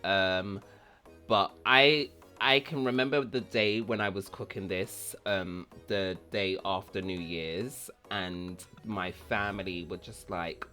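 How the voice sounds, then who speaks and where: A man's voice: low-pitched, fairly even intonation, slow, pushed and bright, faint music behind. A man hosting a casual cooking vlog, chatty and rambling, who repeats words for fun. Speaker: cooking channel host.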